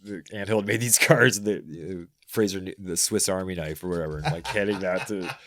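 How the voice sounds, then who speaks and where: A man from rural Ontario, a podcast guest telling animated, rambling stories in casual chat. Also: low voice, brisk. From rural Ontario, Canada. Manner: animated storyteller, rambling with restarts. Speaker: podcast guest, bike mechanic.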